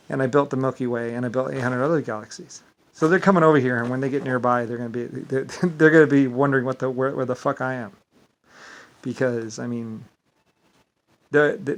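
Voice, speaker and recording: A man's voice: medium pitch, fairly even intonation, a little fast. Man rambling, stumbling, swearing. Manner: repetitive, stumbling, filler-heavy; profane and indignant. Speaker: vlogger. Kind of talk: rambling monologue.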